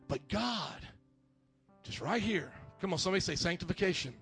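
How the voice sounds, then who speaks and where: A high-pitched man preaches to a church congregation with lively energy. He acts out the voices he quotes and rises to shouts. Soft music plays faintly behind him. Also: brisk, creaky. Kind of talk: sermon.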